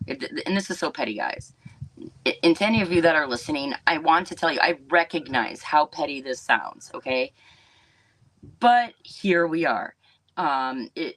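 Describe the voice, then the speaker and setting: A woman's voice: extremely low pitch, a bit bright, low-quality recording. A woman from Wisconsin hosting a casual livestream, talking in a rambling, chatty way with lots of fillers and asides to her viewers. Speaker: livestream host and business owner.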